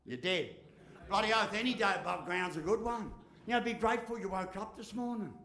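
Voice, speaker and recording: Australian male motivational speaker, slightly high voice, blunt and jokey, echoey hall sound. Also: a little fast. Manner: blunt, jokey, lively delivery with mild swearing. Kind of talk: humorous keynote speech.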